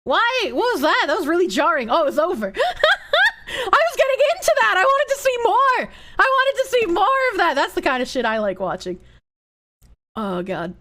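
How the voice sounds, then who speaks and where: Woman streamer, lively pitch, profane casual chat. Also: normal speed. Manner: animated, profane, reacting to videos. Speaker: livestreamer.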